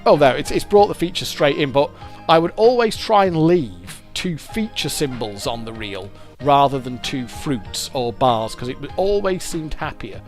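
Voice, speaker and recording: A British man talks through a fruit machine game in a loose, chatty way, wandering between explanations as he plays. His voice sits a little high for a man and swings up and down a lot, with faint machine music behind him. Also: expressive, moderate pace. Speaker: fruit machine gameplay commentator. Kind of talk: casual gameplay commentary.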